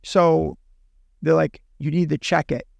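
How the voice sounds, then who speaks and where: Man, gravelly voice, slightly high, animated storyteller, dry close sound. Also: unhurried, dry recording. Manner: animated, acts out dialogue in his own voice. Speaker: podcast guest. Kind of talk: casual storytelling.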